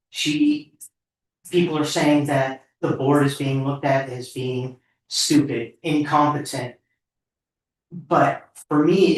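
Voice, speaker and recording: A board member speaks at a town meeting, earnest, heartfelt and audibly emotional, in a middle pitch. The voice is heard from a distance in a very echoey meeting room. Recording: echoey hall, far from the mic.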